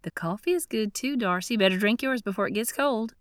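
A pushy, sharp-tongued woman who talks in curt, demanding bursts, as a woman reader puts her on. The voice sits noticeably higher and brighter than the reader's own, recorded dry and close. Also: lively intonation, fairly quick, no echo, natural voice.

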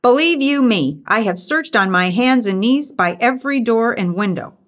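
A woman's voice: a little high, animated, moderate pace, a bit bright, voice pushed up. A woman reading aloud and voicing a stern, bossy older church housekeeper who speaks in an accusing, disdainful way.

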